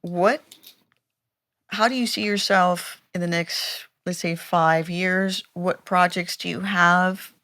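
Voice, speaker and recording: Woman cohosting a podcast, kinda low voice, jokey and animated, chatty interviewer. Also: takes it slowly. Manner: animated, laughs often, playful asides. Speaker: podcast co-host. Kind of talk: casual interview chat.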